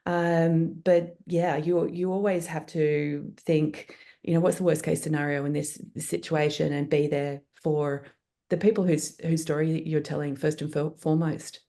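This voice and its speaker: A woman's voice: low-pitched, steady tone, unhurried, warm tone. A woman producer from Australia, answering interview questions thoughtfully with many fillers and restarts. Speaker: guest producer. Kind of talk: panel interview.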